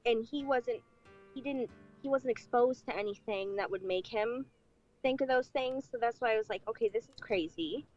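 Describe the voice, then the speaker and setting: A woman's voice: on the high side, moderate pace, darkish tone. Chatty woman telling a story, lo-fi clip. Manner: chatty, filler-heavy, acting out past dialogue. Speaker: guest telling a personal paranormal story. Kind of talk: storytelling on a podcast. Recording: dull lo-fi clip with faint music.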